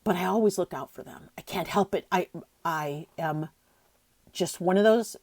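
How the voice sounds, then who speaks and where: Middle-aged female podcast host, heartfelt and rambling, lowish voice, dry booth sound. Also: moderate pace, a little mellow, dry recording. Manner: emotional, gushing, voice catching near tears; rambling with frequent restarts. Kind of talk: emotional solo podcast talk.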